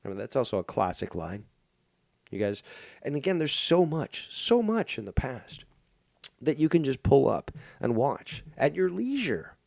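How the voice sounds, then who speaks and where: A man's voice: mid-range voice, very animated, measured pace, creaky, darkish tone, no echo. A man hosting his own live stream, rambling in a profane, mocking way with many fillers and restarts. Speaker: livestream host. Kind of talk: casual live-stream rant.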